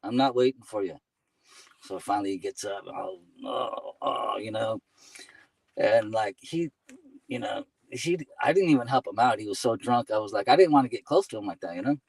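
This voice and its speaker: A man's voice: fairly low pitch, lively intonation, fairly quick, darkish tone, husky, dry recording, recorded from a distance, low-quality recording. A man chatting as a guest, telling casual stories and laughing often, with "you know" and "man" between his phrases. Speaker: guest, delivery driver. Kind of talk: casual storytelling.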